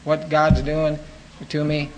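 A man's voice: on the high side, completely flat delivery, takes it slowly, a little hiss or hum, low-quality recording. A man teaching through a book of the Bible, reading verses aloud and then explaining them in plain everyday words.

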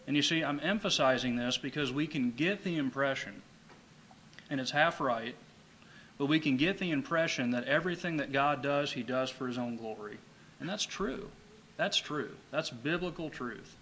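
A man delivers an emphatic sermon in a bright, forceful voice. He repeats his key phrases for weight and slows down when reading scripture. A faint background noise sits under the recording. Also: medium pitch, low-quality recording. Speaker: preacher.

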